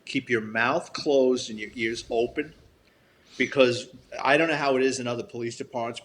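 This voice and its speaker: A mid-range male voice with slight background noise belongs to an older retired police detective telling stories as an interview guest. He's blunt, swears freely, and performs the dialogue he quotes.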